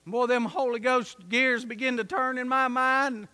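A man preaching a sermon, telling a story and building to loud, emphatic peaks. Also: extremely high pitch, fairly even intonation, unhurried.

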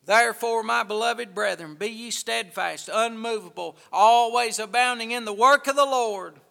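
A man preaching a sermon, swinging between hushed asides and loud, drawn-out emphasis. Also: extremely high pitch, gravelly, in a large hall. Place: church.

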